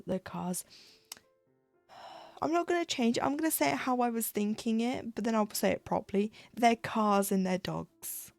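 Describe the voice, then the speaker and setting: Lady chatting while she stitches, bit of fry in her voice, dry sound. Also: medium pitch, a little mellow, no room sound. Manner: chatty, ranting, laughs often. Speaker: cross-stitch streamer. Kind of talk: casual chat while stitching.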